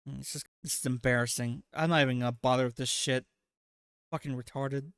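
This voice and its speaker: A man's voice: mid-range voice, steady tone, brisk, a bit bright, clean tone, no echo, clean studio sound. A man hosting a casual livestream, reacting to clips with crude, sarcastic rambling. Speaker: livestream host.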